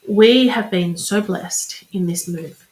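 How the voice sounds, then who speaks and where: A woman's voice: fairly low pitch, slow, a little mellow. A woman speaking as a spiritual reader and coach in a chatty, encouraging live-streamed talk, repeating affirmations. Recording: roomy echo.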